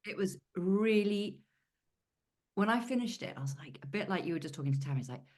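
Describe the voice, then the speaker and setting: A woman's voice: mid-range voice, expressive, brisk, darkish tone. A British woman talking casually on a group coaching video call, chatty, with everyday British idioms. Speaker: coaching client.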